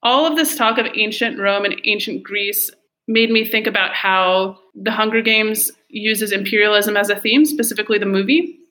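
Bright-voiced young woman reading film notes. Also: mid-range voice, normal speed. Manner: reads prepared segments, with casual fillers. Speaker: podcast co-host. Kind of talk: scripted film analysis.

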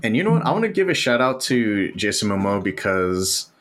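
A man's voice: fairly low pitch, very animated, fairly quick, a bit bright. A man co-hosting a casual podcast about movies, laid-back and slangy, swearing now and then. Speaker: podcast co-host.

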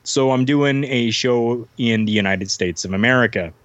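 A man from Canada tells a long story as a guest, full of fillers and restarts. His voice sits at an ordinary pitch and sounds dry and close. The recording is dull and lo-fi. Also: moderate pace, fairly bright tone, no room sound. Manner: rambling, many fillers and restarts. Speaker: guest, former pro wrestler. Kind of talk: casual storytelling.

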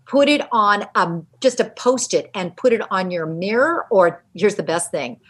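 A middle-aged woman, a parenting author, giving energetic interview answers and acting out little quotes in lively voices. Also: medium pitch, moderate pace, breathy edge.

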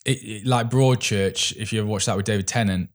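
A man's voice: on the low side, steady tone, fairly quick. A man co-hosting a podcast, chatting casually about films in a rambling way with many restarts. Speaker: podcast co-host. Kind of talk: casual film chat.

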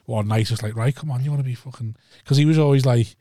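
Thirties man, podcast host, rapid storyteller who swears a lot, dry sound. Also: mid-range voice, dark tone, no room sound. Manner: swears a lot, tells stories acting out others' lines. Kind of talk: casual chat.

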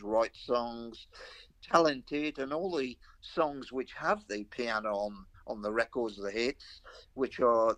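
A man's voice: mid-range voice, a bit bright. Chatty older man with Black Country accent. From Black Country, English Midlands. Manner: chatty, rambling anecdotes with self-mocking humour. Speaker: veteran rock guitarist, interview guest. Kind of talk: casual interview chat.

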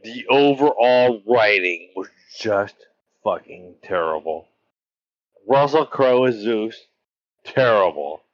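A man's voice: fairly low pitch, expressive, takes it slowly, no echo, dull audio. Blunt, swearing man ranting. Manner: blunt, emphatic, swears a lot. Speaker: podcast co-host. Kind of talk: casual chat.

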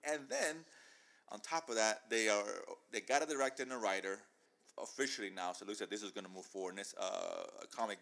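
A man hosting a casual podcast chat, excitable and animated, often talking over his co-hosts. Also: on the low side, quick pace. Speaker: podcast host.

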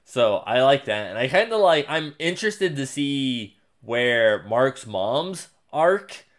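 A man co-hosting a casual podcast at a mid pitch. He recaps in an easygoing way, then goes loud and high when he quotes characters. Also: sing-song, takes it slowly. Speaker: podcast co-host. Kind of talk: casual chat.

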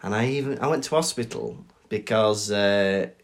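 A man's voice: on the low side, normal speed. A young adult man, co-hosting a podcast in casual chat and mimicking people in his stories. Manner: chatty storyteller, mimics others in his anecdotes. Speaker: podcast co-host.

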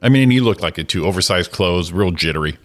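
Gruff stammering man ranting. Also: low voice, animated, fast, a bit bright. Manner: grumpy, profane ranting with stammered restarts. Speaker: co-host. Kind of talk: casual chat. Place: radio studio.

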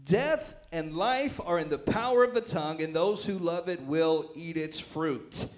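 A Southern American pastor preaches in a high, light voice. He is folksy and playful, pausing to check in with his listeners and joking his way through his points. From Southern United States. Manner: folksy, joking, lots of "right?" and laughter. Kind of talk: sermon.

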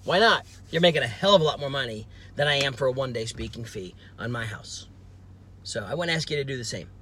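A man's voice: mid-range voice, fast, a little hiss or hum. A podcast host and sales coach from New Jersey, a man telling a story in casual talk, acting out the other person's lines and laughing as he goes. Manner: animated, acts out quoted voices with laughs.

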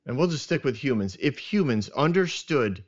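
A man hosting a casual Bible discussion podcast, earnest and halting, with many restarts and soft chuckles. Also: mid-range voice, animated, dull audio. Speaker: podcast host.

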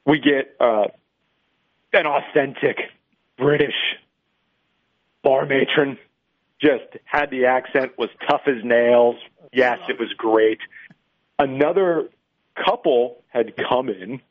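A man's voice: mid-range voice, takes it slowly, long pauses. A man calling in as a radio show guest, chatting through a long anecdote and laughing along. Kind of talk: casual radio chat. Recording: tinny phone line.

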